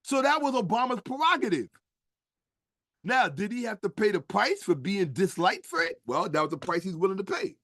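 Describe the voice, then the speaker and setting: A man's voice: high voice, big pitch swings, moderate pace, fairly bright tone, dry recording, studio quality. A man lecturing in a casual stream, emphatic and profane, firing rhetorical questions at his listeners. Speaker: streamer and history commentator.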